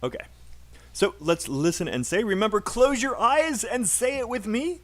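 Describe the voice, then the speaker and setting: A man's voice: high voice, animated, moderate pace, fairly bright tone. A man with a British accent teaching a live online English class, chatty and encouraging, drilling phrases aloud for students to repeat.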